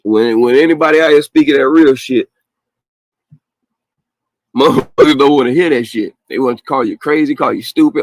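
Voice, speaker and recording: Profane animated man, dry sound. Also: medium pitch, normal speed, long pauses, no echo, low-quality recording. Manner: profane, animated, laughs often. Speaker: podcast host. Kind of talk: casual opinionated chat.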